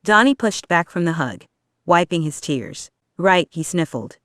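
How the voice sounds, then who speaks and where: A reader narrating a fan fiction audiobook in a steady storytelling way. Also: medium pitch, moderate pace, dry recording, clean studio sound.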